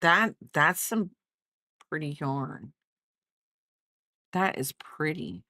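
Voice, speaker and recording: A woman crochets on a livestream from home, chatting casually with her viewers and her dog in a rambling, self-deprecating way and laughing often. Her low voice swoops wildly in pitch, sounds pushed and bright, and moves slowly with many pauses, recorded in clean studio sound with no room sound.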